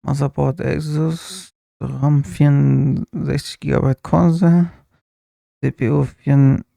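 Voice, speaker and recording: A man's voice: on the high side, fairly even intonation, slow pace, gravelly, dark tone, no room sound, studio quality. A man streaming a live reaction, chatting casually with asides while he watches a video.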